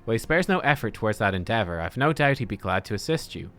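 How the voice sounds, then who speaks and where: A man voicing an earnest, formal young male scholar, reading game dialogue in a measured, old-fashioned way. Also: fairly low pitch, lively intonation, a bit bright.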